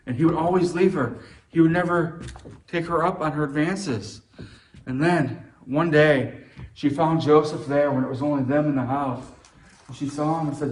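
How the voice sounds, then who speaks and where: Male missionary teacher, animated storyteller for a children's Bible lesson, voice a touch high. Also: moderate pace, slight background noise.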